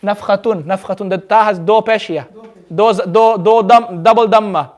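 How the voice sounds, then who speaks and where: A man with a notably high voice leads a group tajweed class. He explains each rule patiently and repeats it often. He stretches the recited words out slowly for the class to follow. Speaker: Quran recitation teacher. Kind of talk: tajweed lesson with call-and-response recitation. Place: community centre classroom.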